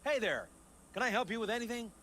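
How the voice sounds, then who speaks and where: A man's voice: extremely high pitch, expressive, fast talker, sharp tone, a little hiss or hum, full character voice. An actor playing a friendly male bystander in a video game, offering help in a plain everyday voice. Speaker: game character.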